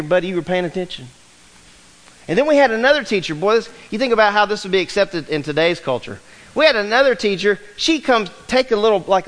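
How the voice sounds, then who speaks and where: Male pastor, 50s, high voice, emphatic preacher asking the room questions; long hall echo. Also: fairly bright tone. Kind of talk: sermon. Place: church sanctuary. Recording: long reverb of a large hall.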